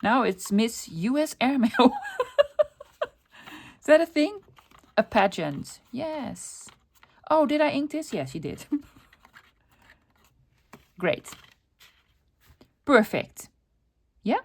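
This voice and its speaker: A middle-aged woman hosts a casual crafting video in a relaxed, running chatter. She talks to herself as she works, asks and answers her own questions, and breaks into easy laughs. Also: on the high side, slow pace, long pauses, a little hiss or hum. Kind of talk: casual crafting tutorial chat.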